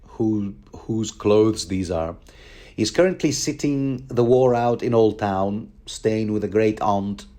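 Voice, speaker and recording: A man's voice: on the low side, slow pace, warm tone. A man giving a rambling, casual book commentary, wry and chatty with many asides.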